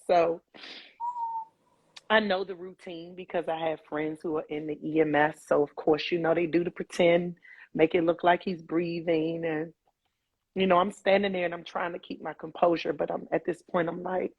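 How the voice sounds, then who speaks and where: Husky-voiced woman telling a painful story. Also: fairly low pitch, fairly even intonation, a little mellow. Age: adult, mother of older kids. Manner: vivid retelling, acts out quoted dialogue, halting restarts. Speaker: guest telling her story. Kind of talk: emotional personal storytelling. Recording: dull, slightly muffled dry sound.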